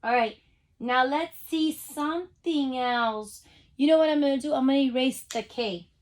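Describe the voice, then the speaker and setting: A woman teacher giving a phonics lesson to young children over a video call, sounding out letters slowly and cheering them on. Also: high-pitched, a little mellow. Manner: upbeat, encouraging, speaks straight to the kids.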